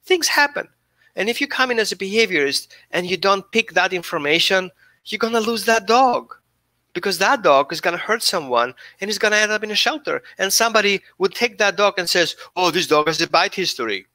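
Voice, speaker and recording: Earnest, bright-voiced dog behaviorist. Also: male voice, high voice, animated, fairly quick, no echo. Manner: earnest, coaching, repeats himself. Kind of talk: live Q&A talk.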